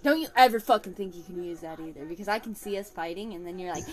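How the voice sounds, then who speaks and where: A woman's voice: fairly low pitch, expressive, fast talker, hardly any pauses. A woman from Oregon co-hosting a casual chat, crude and teasing, making playful threats. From Oregon, USA. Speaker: podcast co-host.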